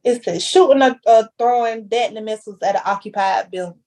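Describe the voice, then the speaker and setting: A woman's voice: a little high, fairly quick, darkish tone. A young woman talking candidly as a podcast guest, telling her story with heavy slang and emphasis. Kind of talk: casual chat.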